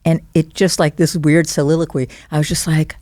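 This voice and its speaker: Podcast guest, woman; chatty and animated, jumps into character voices mid-story. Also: low voice, fairly quick, no room sound, clean studio sound. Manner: animated storyteller acting out quoted dialogue. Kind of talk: casual podcast conversation.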